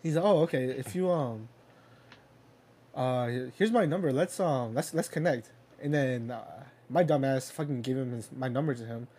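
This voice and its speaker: A man's voice: medium pitch, normal speed, warm tone, breathy edge. A young man in casual chat, telling a long rambling story full of fillers and swearing. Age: young adult. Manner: rambling, filler-heavy, swears, chuckles while telling stories.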